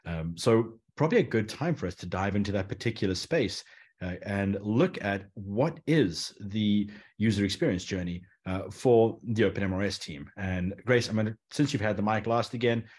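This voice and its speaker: A man's voice: fairly low pitch, animated, moderate pace, a little mellow, husky. A man moderating a panel discussion, friendly, with frequent restarts.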